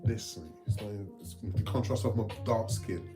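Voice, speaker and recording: A man's voice: fairly low pitch, moderate pace, creaky. A man hosting a casual livestream, chatting with viewers, slangy and full of swearing. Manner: slangy, swearing, addresses chat. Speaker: livestream host. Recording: music in the background. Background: music playing.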